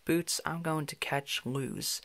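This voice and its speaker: A man voicing a cheerful young girl explorer in an upbeat, eager storybook reading, keeping close to his own mid-pitched voice. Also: takes it slowly, gravelly, a bit bright, full character voice.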